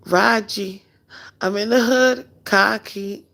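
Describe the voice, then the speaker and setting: A woman hosting a casual live stream, chatting loosely and candidly while answering viewer comments in a relaxed way. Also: medium pitch. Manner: relaxed and unhurried. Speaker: livestream host.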